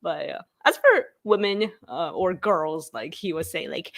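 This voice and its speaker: A woman's voice: lowish voice, very animated, moderate pace. Japanese woman, second-language English with accent, rambling casual livestream host. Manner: rambling, full of "like" and "you know". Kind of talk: casual live-stream chat.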